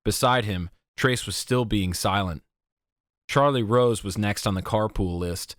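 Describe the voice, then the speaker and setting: Low-voiced man narrating an audiobook. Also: unhurried, no echo, studio quality. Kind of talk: scripted narration.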